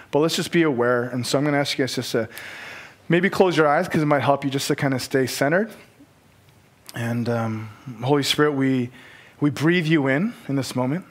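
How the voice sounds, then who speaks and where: A man, a guest pastor, preaching a casual sermon that moves from hushed prayer to reading scripture and telling lively stories. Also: mid-range voice. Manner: casual, with fillers and restarts.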